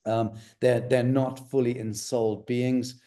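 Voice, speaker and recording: Mellow-voiced man rambling through an interview. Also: mid-range voice, level tone, measured pace. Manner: rambling, many fillers and restarts. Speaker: interview guest. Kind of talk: conversational interview.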